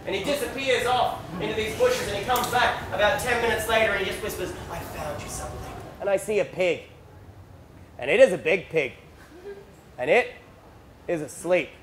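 A man's voice: high-pitched, moderate pace, long pauses, a bit bright, a little hiss or hum. A man telling a comic story on stage, stammering and self-mocking. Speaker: stand-up comedian. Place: theatre stage with audience.

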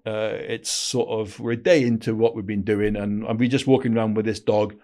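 A man with a fairly low voice tells stories in a casual podcast interview. He is blunt and slangy, and he often restarts his sentences as he talks. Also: steady tone, fairly quick, a little mellow. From Wales. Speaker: podcast guest, former intelligence operative.

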